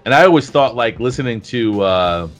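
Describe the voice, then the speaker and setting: A man's voice: medium pitch, animated, soft background music. A middle-aged man co-hosting a podcast, talking reflectively in casual chat with frequent restarts. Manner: reflective, halting with restarts and fillers. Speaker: podcast co-host.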